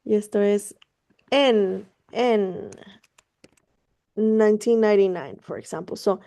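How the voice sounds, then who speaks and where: A woman's voice: mid-range voice, a little slow, vocal fry, dark tone. A woman tutoring Spanish on a video call, explaining casually and encouragingly, switching between English and Spanish, laughing easily and swearing offhand. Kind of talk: online one-on-one language lesson.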